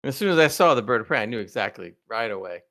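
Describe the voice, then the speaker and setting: Enthusiastic man trailing into quiet asides. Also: medium pitch, expressive, racing. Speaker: podcast co-host. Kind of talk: casual review chat.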